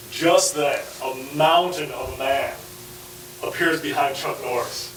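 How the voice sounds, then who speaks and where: Man, tall-tale contest speech, high lively voice, bright tone, echoey room, distant mic, faint hum. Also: unhurried. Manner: animated storyteller acting out dialogue. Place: club meeting room.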